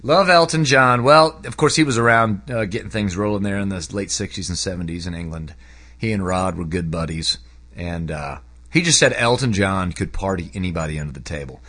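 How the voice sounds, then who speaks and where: A man talking casually about a book he read, rambling with lots of fillers, his voice jumping up when he gets excited. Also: deep voice, fairly quick. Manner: animated, voice jumps up when excited. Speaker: book reviewer. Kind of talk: casual spoken book review.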